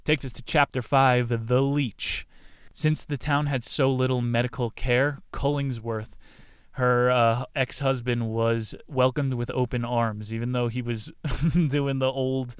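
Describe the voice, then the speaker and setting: A man talks through a book summary in a loose, irreverent way, tossing in crude jokes and laughing asides. His voice is smooth and clear at a middle pitch. It is recorded dry inside a car, with no echo. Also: fairly even intonation, measured pace. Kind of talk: casual chat.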